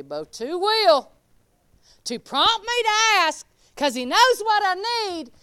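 A woman delivers a casual sermon, her voice pitched high. She talks in a folksy, animated way and calls out people in the congregation by name. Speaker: preacher. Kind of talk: informal sermon.

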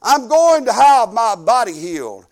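A man's voice: very high-pitched, big pitch swings, a little slow. An older man preaching a sermon in a folksy, conversational way that swells into emphatic bursts.

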